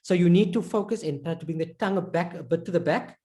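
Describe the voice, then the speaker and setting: Woman teaching Arabic pronunciation, mellow voice. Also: on the low side, quick pace. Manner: patient, demonstrates sounds with exaggerated repetition. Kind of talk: online pronunciation lesson.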